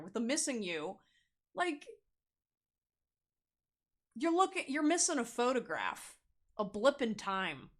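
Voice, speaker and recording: A woman's voice: fairly high pitch, big pitch swings, normal speed, long pauses, a bit bright. A young woman giving a casual tarot reading, blunt and profane, laughing often and acting out little quotes. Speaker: tarot card reader.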